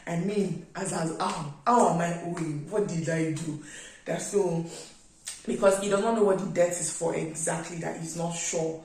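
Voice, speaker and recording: A young woman with a Nigerian English accent recounts her trip in a chatty, animated vlog style, leaning on filler words as she goes. Her voice sits fairly low, and she talks from some distance to the mic in a very echoey room. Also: moderate pace. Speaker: vlogger. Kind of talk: casual storytelling.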